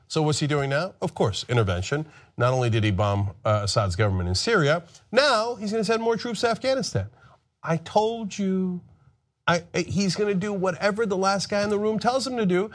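A man hosting political commentary, ranting sarcastically and mocking others in put-on voices. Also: high-pitched.

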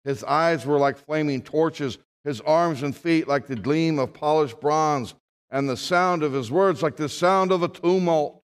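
A man's voice: a little high, a little slow, smooth. Preaching man in a reverberant church. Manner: dramatic preaching, swings from hushed to loud. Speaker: pastor. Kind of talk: sermon. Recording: long hall reverb.

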